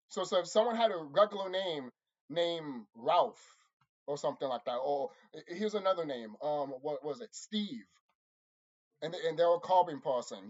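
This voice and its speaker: A channel host delivering an angry, profane monologue to viewers, repeating himself and insulting his audience. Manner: lively swings in pitch and loudness. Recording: dull lo-fi recording.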